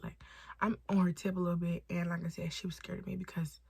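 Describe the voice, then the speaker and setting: Husky-voiced young woman telling a story. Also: lowish voice, fast, no room sound. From Los Angeles. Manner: animated, swears freely, acts out quotes. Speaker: storytime vlogger. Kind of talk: casual storytelling to camera.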